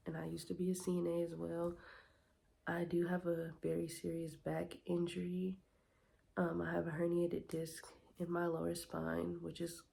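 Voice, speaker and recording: Young woman, candid vlogger; dark, mellow tone with heavy vocal fry. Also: deep voice. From Las Vegas, Nevada. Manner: candid, heartfelt advice to other moms. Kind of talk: casual talk to camera.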